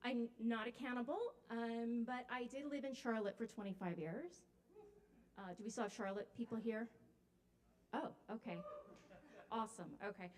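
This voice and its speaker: A woman's voice: on the high side, fairly even intonation, moderate pace, long pauses. A woman at an open mic joking with the crowd before reading her short stories. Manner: joking, self-deprecating. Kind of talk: chatty stage banter before a reading.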